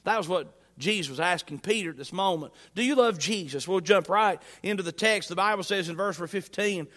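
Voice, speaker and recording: Preacher guy, kinda high voice, folksy sermon, echoey church hall. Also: brisk, sharp tone. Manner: folksy, conversational preaching with rising emphasis. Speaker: pastor. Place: church sanctuary.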